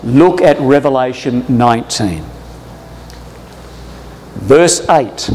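Male preacher, high voice, emphatic sermon, hushed to stirred, long hall reverb. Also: expressive, moderate pace.

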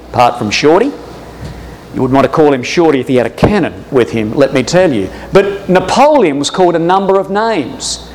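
A man teaching a Bible class to a live audience, jokey and animated, often addressing his listeners as brothers and sisters. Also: high voice, a little hiss or hum. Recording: long echo of a hall.

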